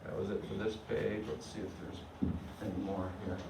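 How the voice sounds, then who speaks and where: A man's voice: low voice, flat delivery, moderate pace, vocal fry, heavy background noise. A man teaching a Spanish class, explaining grammar step by step and often checking that students follow. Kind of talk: classroom lecture. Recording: echoey room, mic at a distance.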